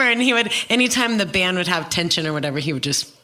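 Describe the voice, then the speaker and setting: A woman hosting a podcast in a casual chat. She is a touring musician, chatty and animated, and laughs often. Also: lowish voice, fast.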